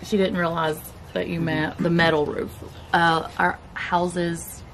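A woman's voice: lowish voice, flat delivery, takes it slowly, fairly bright tone, a little hiss or hum. A woman with a Southern US accent, chatting casually while reviewing keto snacks for her vlog. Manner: chatty, laid-back, talks while chewing. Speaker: keto vlogger. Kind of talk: casual chat, food review.

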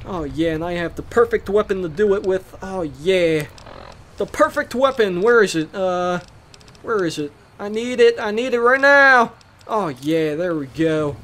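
Excitable high-voiced young man gaming. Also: normal speed, a little hiss or hum. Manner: excitable, rambling, bursts into shouts. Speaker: Let's Play host. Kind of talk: casual gameplay commentary.

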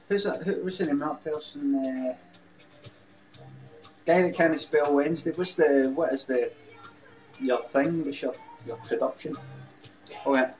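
A man's voice: mid-range voice, darkish tone. Sarcastic Scottish man ranting on a webcam. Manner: mocking, sarcastic, swears. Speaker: webcam show host. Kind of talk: live webcam comedy rant. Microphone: webcam mic. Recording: dull lo-fi webcam audio.

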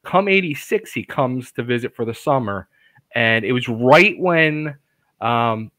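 A man, hosting a podcast and telling stories in a casual, animated way, acting out quotes and often restarting his sentences. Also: medium pitch, unhurried, dry recording. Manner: animated storyteller, acts out quotes, frequent restarts. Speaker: podcast host. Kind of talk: casual storytelling chat.

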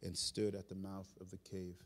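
A man preaching a sermon in a church during a live service, animated, swinging between loud emphasis and hushed delivery. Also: deep voice, moderate pace, slight background noise. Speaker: pastor. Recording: long reverb of a church hall.

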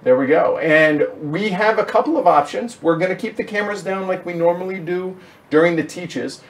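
Chatty board game host, a bit off-mic. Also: male voice, sits high, a little fast, distant mic. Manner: upbeat, chatty, with many fillers. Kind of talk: casual chat.

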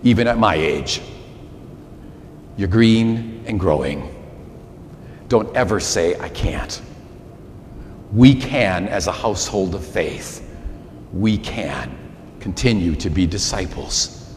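An older man in his sixties preaches a sermon with a lively, rising and falling delivery, leaning hard on repeated words. He speaks slowly and deliberately. His voice carries a long church reverb over a faint room hum. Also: low voice. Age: 60s. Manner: animated, emphatic repetition. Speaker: priest. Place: large church.

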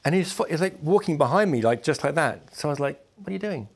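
A man, a musician, recounting his travels to camera in a wry, animated storytelling manner. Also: on the high side, fast talker. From Britain. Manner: animated, acts out other people's lines; wry, amused asides.

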